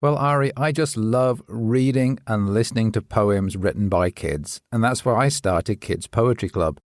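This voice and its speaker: A man's voice: on the low side, measured pace, no room sound, studio quality. A man who hosts a poetry podcast, chatting as a guest in an upbeat, friendly way. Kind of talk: scripted podcast chat.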